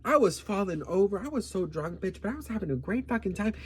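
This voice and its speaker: A man's voice: high-pitched, animated, fast talker, darkish tone, slightly rough. A man of Colombian background from Miami, telling a gossipy story in a sassy, campy vlog style and calling the viewer "girl.". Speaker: vlogger.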